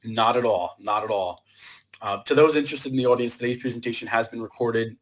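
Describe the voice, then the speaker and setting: Fast, husky-voiced webinar host. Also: male voice, medium pitch, low-quality recording. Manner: polite, formal moderator. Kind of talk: webinar closing remarks.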